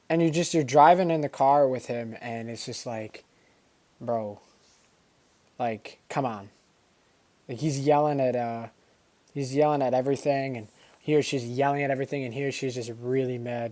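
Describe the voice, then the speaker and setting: Male vlogger, casual and rambling, slangy, mid-pitched voice. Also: mellow. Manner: rambling, filler-heavy, slangy. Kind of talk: casual vlog chat.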